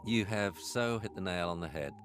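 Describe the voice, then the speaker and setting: A man, a veterinarian and dog trainer, answering interview questions in a blunt, animated way. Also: deep voice, normal speed, soft background music. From England.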